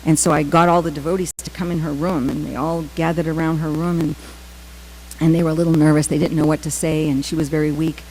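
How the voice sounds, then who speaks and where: Lowish woman telling a story. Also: little pitch movement, darkish tone, a little hiss or hum, rough recording. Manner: storytelling with acted-out quotes, many "um" pauses. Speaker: speaker giving a temple class. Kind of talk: scripture class with personal storytelling.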